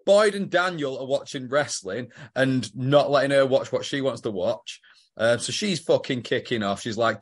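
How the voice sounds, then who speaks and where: A man's voice: mid-range voice, normal speed. A man from England co-hosting a podcast, chatting casually and swearing as he recaps a soap. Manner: sweary, chatty, laughs often. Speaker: podcast co-host.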